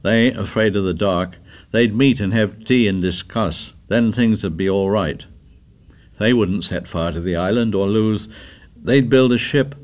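A man's voice: lowish voice, a little slow, a little mellow, natural voice. A man reading the part of an anxious, fussy schoolboy who pleads earnestly. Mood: pleading.

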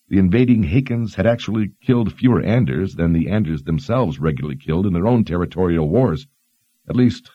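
A man voicing a learned young woman who explains history in a measured, explanatory way. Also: sits low, husky, no room sound, muffled recording.

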